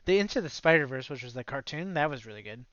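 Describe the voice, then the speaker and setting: A man's voice: medium pitch, expressive, fast, fairly bright tone, dry recording. Blunt, opinionated man on a dry lo-fi mic. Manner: blunt, opinionated, swears casually, laughs often. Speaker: podcast co-host. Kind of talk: casual chat.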